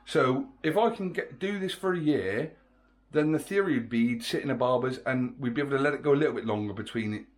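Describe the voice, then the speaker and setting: A man's voice: mid-range voice, quick pace. A man, a parent, explaining his plan in a casual family vlog, chatty and persuasive. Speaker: parent vlogger.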